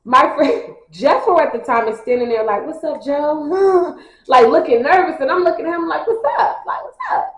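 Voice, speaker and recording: A young woman tells a personal story casually, slangy and animated, acting out her friends' lines. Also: high-pitched, a little fast. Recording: echoey room.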